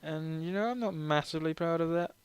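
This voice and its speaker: A man's voice: a little high, brisk, clear, resonant tone, dry recording. Tipsy man rambling over a game. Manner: rambling, self-deprecating, laughs often. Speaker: game streamer. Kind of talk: casual let's-play commentary.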